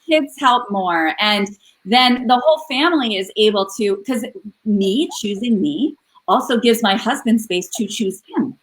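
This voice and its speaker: Animated woman sharing her story. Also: fairly high pitch, unhurried, low-quality recording. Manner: open, animated storytelling with acted quotes. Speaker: podcast co-host. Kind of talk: casual chat.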